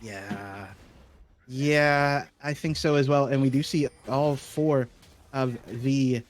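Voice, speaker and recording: A man's voice: mid-range voice, slow. A man casting an esports match with chatty, joking play-by-play that often corrects itself. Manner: chatty, self-correcting, jokey. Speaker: esports caster. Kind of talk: play-by-play commentary.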